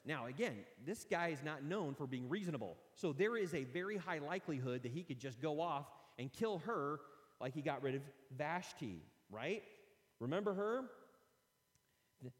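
A male pastor preaching a sermon as an animated storyteller who jokes with his listeners, recorded in a church sanctuary. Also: fairly high pitch, normal speed. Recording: long reverb of a large hall.

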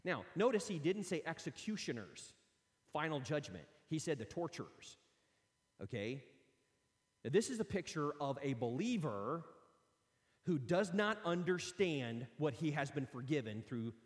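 A man's voice: on the high side, long reverb tail. A man preaching a sermon in a conversational way, reading scripture aloud and breaking off into casual asides. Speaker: pastor.

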